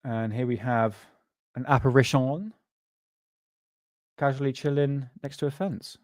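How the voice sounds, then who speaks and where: A man's voice: mid-range voice, steady tone, a little slow, no room sound, clean studio sound. A man who hosts a paranormal livestream. He rambles casually, laughs often and swears freely.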